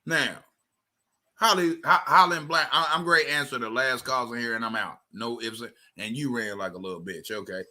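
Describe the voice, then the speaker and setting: A man's voice: mid-range voice, moderate pace, pushed and bright. A man hosting a call-in live stream, confrontational and profane, often repeating his phrases.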